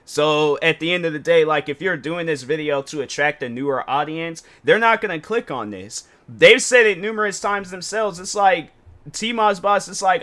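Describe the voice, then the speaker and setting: Exasperated man with a bright voice. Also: fairly high pitch, normal speed. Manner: exasperated, rambling, full of restarts and slang. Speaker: YouTuber reacting to a video. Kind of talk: casual reaction commentary.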